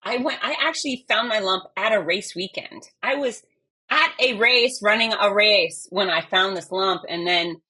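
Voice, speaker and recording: A woman's voice: mid-range voice, bright, forceful tone, breathy edge. A middle-aged woman, a fitness expert, speaking candidly and with emotion as an interview guest. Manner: candid, emotional, quick bursts. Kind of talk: conversational interview.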